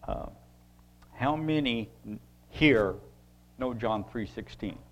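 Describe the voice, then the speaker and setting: A man teaching a Bible lesson to a group in a halting, conversational way, reading scripture passages aloud. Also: medium pitch, expressive. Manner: halting, with restarts, reads scripture aloud slowly. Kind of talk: sermon-style Bible teaching.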